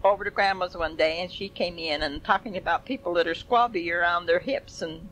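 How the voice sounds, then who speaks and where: A woman's voice: on the low side, fairly quick, a bit bright, slight background noise, poor audio. An older woman telling family stories in a folksy, rambling way with chuckles. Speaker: family storyteller. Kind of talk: oral history reminiscence.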